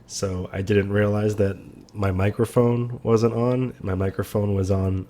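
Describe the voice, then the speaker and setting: A man's voice: lowish voice, steady tone, a little slow, dark tone. A man chatting casually in a vlog about a TV show, loose, profane and rambling. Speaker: vlogger reacting to a TV show. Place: at home, late at night. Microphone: webcam microphone. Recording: echoey webcam mic from far off.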